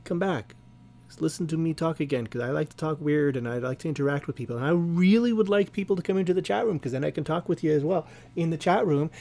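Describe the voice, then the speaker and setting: A man's voice: a little high, fast talker, creaky, dark tone. A man hosting an online radio show, playfully rambling as game master of an improvised role-play game.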